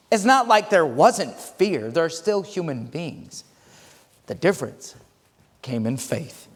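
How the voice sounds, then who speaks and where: Animated male pastor in a reverberant church. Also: a little high, takes it slowly. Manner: storytelling with jokes, animated swings from loud to quiet; frequent restarts and stammered fillers. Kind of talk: sermon. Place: church sanctuary. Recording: long reverb of a church hall.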